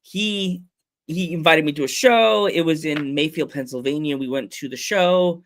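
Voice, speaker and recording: A man's voice: a little high, moderate pace. A man hosting a casual podcast, telling rambling stories with lots of restarts and laughter. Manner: animated storyteller, acts out scenes with funny voices and sound effects. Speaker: podcast host. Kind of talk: casual chat.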